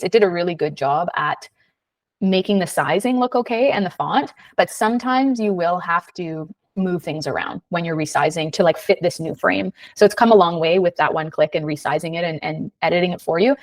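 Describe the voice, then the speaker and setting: Fast-talking woman teaching a webinar. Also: fairly low pitch, no echo, distant mic. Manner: chatty, fast, many fillers and "right?" tags. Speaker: webinar host, design instructor. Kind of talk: live screen-share tutorial.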